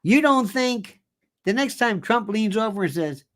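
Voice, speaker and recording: A man's voice: high voice, expressive, a little slow, fairly bright tone. An older man hosting an opinion commentary monologue, sarcastic and digressive in his delivery. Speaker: commentary host.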